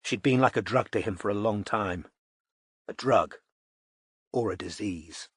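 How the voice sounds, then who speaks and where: Reading a novel aloud as scripted audiobook narration, this man keeps a measured, even storytelling tone in a fairly low, slightly rough voice. The recording is dry and studio quality.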